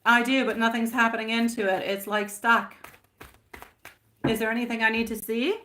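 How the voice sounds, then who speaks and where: A woman's voice: on the high side, level tone, normal speed, bright, forceful tone, slight background noise. A woman reading tarot on a live stream in casual chat, affectionate and laughing often, calling viewers my love and sweetie pie.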